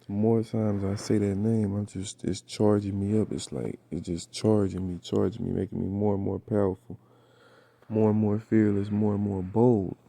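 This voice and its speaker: A man with a raspy voice, just woken up, casually retelling a dream in slangy, profane storytelling full of fillers. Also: on the low side, little pitch movement, normal speed, dark tone, dry recording. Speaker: vlogger recounting a dream.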